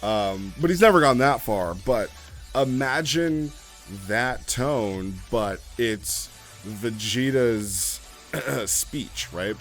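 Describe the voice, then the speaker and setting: A man's voice: mid-range voice, lively intonation, drawn-out words, a bit bright, faint music behind. A man hosting a casual talk about roleplay writing, rambling with lots of fillers and restarts. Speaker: roleplay community host.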